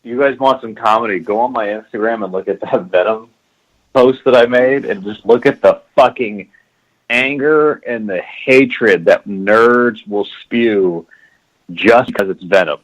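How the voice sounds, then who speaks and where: A man co-hosting a podcast in casual chat, profane and expressive, mimicking other people. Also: lowish voice, a little slow, rough recording. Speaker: podcast co-host.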